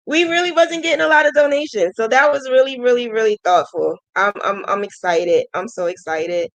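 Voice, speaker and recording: A woman's voice: a little high, brisk, poor audio. A woman hosting a casual crochet livestream, thanking viewers emotionally and laughing often. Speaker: crochet channel host.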